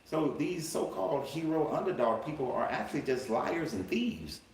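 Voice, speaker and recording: A man's voice: a little high, animated, normal speed, distant mic. A man hosting a live-streamed Bible commentary, talking emphatically and colloquially and firing off rhetorical questions. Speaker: life coach and livestream host. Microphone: livestream setup. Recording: roomy room with faint background noise.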